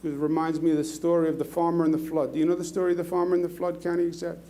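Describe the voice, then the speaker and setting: High-voiced man giving a folksy speech. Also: completely flat delivery, very fast, warm tone. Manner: folksy storytelling, rousing and repetitive. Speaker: politician. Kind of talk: public speech.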